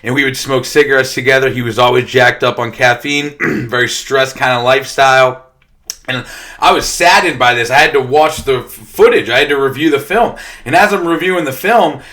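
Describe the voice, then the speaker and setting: Here the same kind of speaker, a young man employed at a detox center, tells his recovery story with constant swearing and a casual, blunt manner. The mid-range voice moves fairly quickly and carries a bright, forceful tone.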